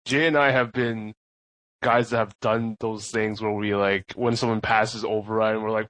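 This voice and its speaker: A man's voice: fairly low pitch, fairly even intonation, normal speed, fairly bright tone, no echo, poor audio. A man co-hosting a podcast in casual chat, speaking mildly and hesitantly. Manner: hesitant, mild, with restarts. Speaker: podcast co-host.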